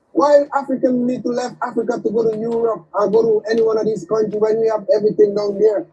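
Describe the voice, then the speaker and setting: A man calling in, exasperated, who circles back to the same complaints again and again. His voice sits high for a man but sounds dark and breathy. The call comes through distant and muffled. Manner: exasperated, repeats himself, says "man" often. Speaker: caller. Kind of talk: emotional call-in rant.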